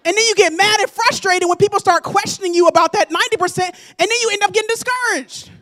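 Woman pastor, high-pitched, preaching a sermon and building to shouts. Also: fast talker. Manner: preaching with call-and-response, rising to shouts.

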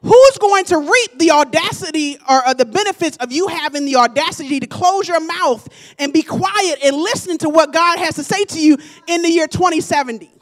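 Woman pastor, high-pitched, preaching a sermon and building to shouts. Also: lively intonation, normal speed. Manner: preaching with call-and-response, rising to shouts.

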